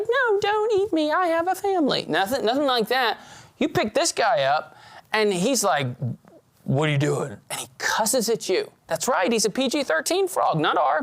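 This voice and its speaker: A man giving a motivational talk to students, telling stories in a lively way with big swings in pitch. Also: gravelly. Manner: animated storyteller who swings his pitch widely and acts out scenes. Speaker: speaker at a student leadership event.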